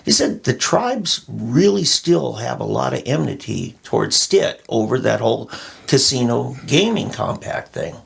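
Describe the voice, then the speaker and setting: A man's voice: mid-range voice, sing-song, a little slow, gravelly, husky. A man with a Minnesota accent co-hosting a political talk show, explaining history in detail. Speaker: co-host.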